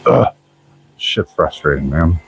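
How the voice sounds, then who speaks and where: A man's voice: rumbling low, lively intonation, takes it slowly, creaky, a little hiss or hum. A man hosting a casual live stream from his car restoration garage, chatting loosely with viewers in profanity-heavy shop talk. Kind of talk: casual live-stream chat while working.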